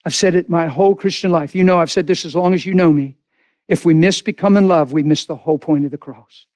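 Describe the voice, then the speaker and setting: A man preaching a sermon with great passion, swinging from loud outbursts to hushed, low lines. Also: quick pace, dry recording.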